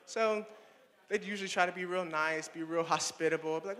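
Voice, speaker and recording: A man's voice: high voice, a little fast. A young man in his twenties performing a playful stand-up comedy set on stage and talking straight to the audience. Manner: animated, playful, addresses the audience directly. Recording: long hall reverb.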